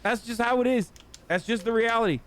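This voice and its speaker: On his gaming livestream, this American host rants sarcastically and swears heavily. His voice is very high-pitched and fairly quick, with slight background noise.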